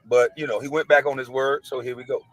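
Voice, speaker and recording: A man calmly explaining his side, blunt, matter-of-fact and frustrated. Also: mid-range voice, fast, low-quality recording. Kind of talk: casual self-defending explanation.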